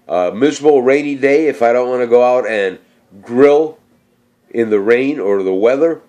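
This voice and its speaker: Middle-aged male vlogger, low-pitched, slightly slurred, hesitant, casual chat. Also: darkish tone. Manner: rambling, hesitant, many fillers. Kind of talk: casual cooking chat and viewer shout-outs.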